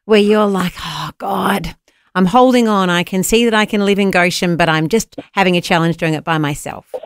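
A woman's voice: on the low side, moderate pace, smooth, no room sound. Woman co-host, affirming faith chat, dry studio voice. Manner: encouraging, affirming. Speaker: radio co-host. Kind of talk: Christian radio chat.

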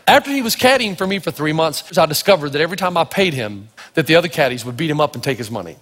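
A man's voice: on the high side, fast. A man from Tennessee preaching a sermon, telling stories and acting out the dialogue in raised voices. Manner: animated storyteller, acts out dialogue in raised voices. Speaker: pastor. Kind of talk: sermon with storytelling. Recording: long hall reverb.

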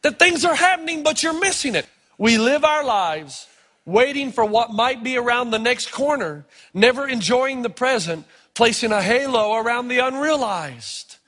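Middle-aged guy preaching, high bright voice, kinda husky, big echoey church hall. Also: moderate pace. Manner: animated storytelling, bursts of shouted emphasis. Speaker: pastor. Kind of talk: sermon. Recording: long reverb of a large hall.

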